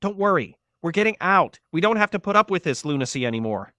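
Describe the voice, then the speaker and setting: A man's voice: high voice, very animated, fast talker, bright, forceful tone, dry recording, clean studio sound, voice pushed up, full character voice. A man voicing a worried, practical wife who speaks anxiously and pleadingly.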